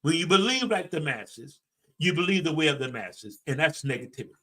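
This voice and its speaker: A man delivers a motivational talk as a personal development coach. His voice sits a little high and rings bright and forceful. He preaches in a folksy, emphatic way, speaking straight to his listeners. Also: lively intonation, fairly quick.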